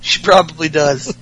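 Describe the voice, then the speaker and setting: A man's voice: on the high side, pushed and bright, breathy edge, poor audio. A man hosting a podcast, recapping wrestling in casual, profane chat with frequent laughs. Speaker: podcast host.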